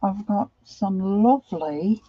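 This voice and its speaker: A woman's voice: medium pitch, slow, slightly rough, dry recording. A woman chatting casually while she works on a craft project, rambling, humming and singing bits to herself, and sleep-deprived. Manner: rambling, sings and hums to herself while working. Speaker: crafting vlogger. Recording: dull lo-fi home recording.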